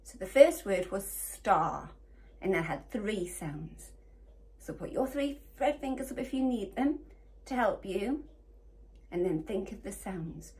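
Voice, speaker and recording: A woman's voice: medium pitch, expressive, darkish tone. A woman primary school teacher giving a phonics lesson to young children, encouraging and sounding out letters one by one. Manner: slow, sing-song, encouraging, sounding out letters. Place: home or classroom, recorded for home learning.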